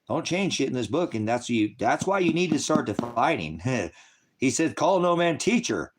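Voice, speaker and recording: Speaking at an ordinary pace, this male livestream host has a voice in the middle range that rises and falls sharply. He preaches from scripture during his ministry stream, and between points he cusses out and berates the people commenting, his tone furious and combative.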